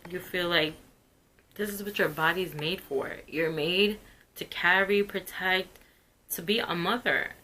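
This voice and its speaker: A woman speaks to camera in a slow, earnest personal testimony. Her tone is bright and forward, and she sits a little low in her pitch. She takes her time with every phrase. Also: slight background noise, poor audio. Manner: slow, earnest, emotional storytelling. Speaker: vlogger.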